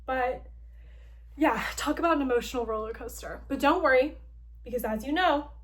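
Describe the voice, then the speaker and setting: A young woman with a fairly high voice recaps a story-driven game for her channel. She talks in a chatty, playful rush and leans on "like" constantly. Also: normal speed. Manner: chatty, heavy use of "like", playful and expressive. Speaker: gaming vlogger.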